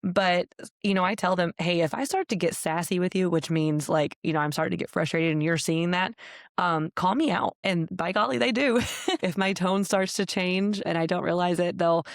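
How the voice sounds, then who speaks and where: A woman's voice: on the low side, moderate pace, no room sound, studio quality. A woman in her thirties co-hosting a podcast, talking earnestly and frankly in a casual chat, often using "like" as a filler. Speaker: podcast co-host. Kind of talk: candid conversational chat.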